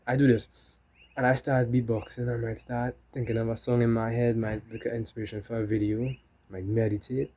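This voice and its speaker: A man's voice: mid-range voice, darkish tone, rough recording. A man talking casually in a rambling motivational monologue, often saying "you know". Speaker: vlogger.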